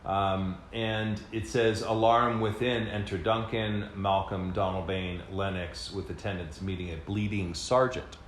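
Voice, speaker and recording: A man with a low voice talks through ideas in a relaxed, rambling way, filling pauses with small filler words and restarting his sentences. He sounds like he is in a reverberant room. A faint hiss sits under his voice. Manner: explains at length, many fillers and restarts. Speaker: podcast co-host. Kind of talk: casual explanatory discussion. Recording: echoey room, faint background noise.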